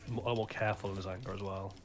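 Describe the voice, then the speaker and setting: A man chatting casually while playing a game with friends, rambling quickly from point to point. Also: low voice, steady tone. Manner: fast, rambling, quotes lines in put-on voices. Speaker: co-host of gaming playthrough. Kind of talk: casual chat.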